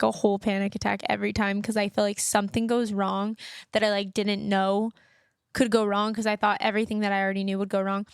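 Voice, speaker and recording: A woman's voice: medium pitch, gravelly, no echo. Woman host just chatting, rambly, says like a lot, recorded outside on her phone, dry sound. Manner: rambling and chatty, heavy use of "like". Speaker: podcast host. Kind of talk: casual solo chat. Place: outdoors.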